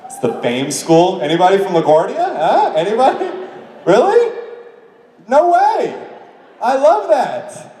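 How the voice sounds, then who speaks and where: At a casual convention Q&A, a man from New York speaks in a high, mellow voice with huge pitch swings, a measured pace, and long pauses. Chatty and self-deprecating, he laughs often, his voice echoing through a PA across a large audience-filled hall, recorded from a distance.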